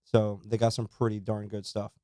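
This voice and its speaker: A man co-hosting a casual beer-tasting podcast, relaxed and chatty, with plenty of ums and uhs. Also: lowish voice, normal speed, no room sound, studio quality. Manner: relaxed, chatty, says um and uh often. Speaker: podcast co-host.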